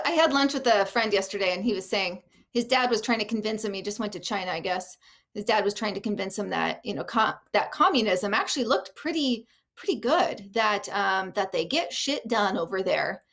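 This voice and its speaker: Female talk host, casual and talkative, crisp bright tone. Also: medium pitch. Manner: chatty, laughs often, reads live comments. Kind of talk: casual live show chat. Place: Oregon.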